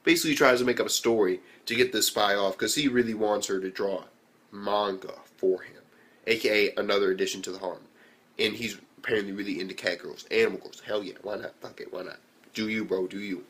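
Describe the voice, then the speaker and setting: A young man giving a casual anime review, animated and swearing freely as he retells scenes. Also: lowish voice, fast. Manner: animated, swears a lot, acts out quotes.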